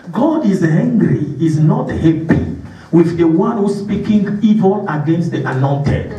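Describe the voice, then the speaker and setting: An animated male pastor preaching, with a high voice that leaps up and down as he leads his congregation. He laughs often and calls out for responses. The sound is a distant mic in a very echoey hall with faint hiss behind. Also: takes it slowly, highs cut off. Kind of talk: sermon. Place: church hall.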